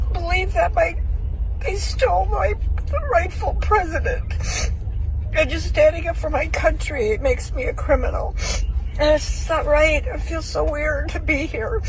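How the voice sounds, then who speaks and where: A woman with a very high-pitched voice speaks in a news interview clip. She sounds upset and tearful, with her voice wavering as she talks. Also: a little hiss or hum, poor audio.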